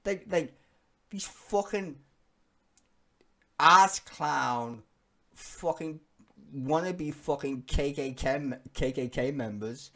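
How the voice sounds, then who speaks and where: A man's voice: medium pitch, animated, measured pace, a bit bright. A man ranting through a political reaction video, swearing freely and pressing each point hard. He breaks into laughter between angry stretches. His delivery stays heated and emphatic throughout. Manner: laughs often while talking. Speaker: political commentary vlogger.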